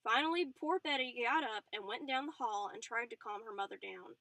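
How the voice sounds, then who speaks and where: A woman narrating a novel aloud in an expressive way, with small slips and restarts. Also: a little high, fairly quick, hardly any pauses, dry recording, low-quality recording. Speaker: audiobook reader. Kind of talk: storybook narration.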